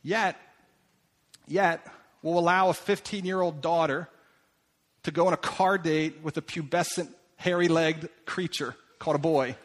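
A middle-aged man preaching as a pastor, asking questions again and again, shifting between emphatic and hushed. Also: fairly high pitch, fairly even intonation, a little slow. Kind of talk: sermon.

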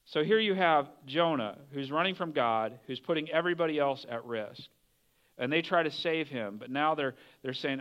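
A man's voice: mid-range voice, expressive, moderate pace, highs cut off. A man preaching a conversational sermon, often asking the listeners questions. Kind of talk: casual sermon.

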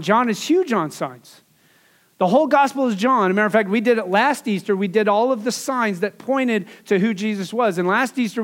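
A pastor preaching a sermon in a high voice for a man. He talks to his people in a loose, conversational way, with asides and phrases he says again and again. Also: a bit bright.

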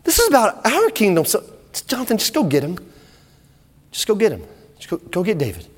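A man's voice: mid-range voice, animated, normal speed, voice pushed down, natural voice. A man voicing a jealous, volatile aging king who swings from coaxing to screaming rage, in an echoey hall. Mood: pleading.

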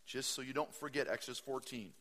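A male pastor preaching in a church. His bright, forceful voice rises into loud bursts and drops to quiet asides as he reads and explains scripture. A long reverb from the big room trails behind each phrase. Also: mid-range voice, a little fast. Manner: animated preaching, swinging from loud to hushed; reads scripture aloud and stops to comment. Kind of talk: sermon.

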